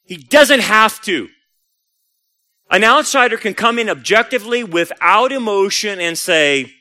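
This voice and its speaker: Male pastor, energetic storyteller, expressive sermon delivery with a very lively pitch. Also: a little slow. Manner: animated storytelling, acts out voices.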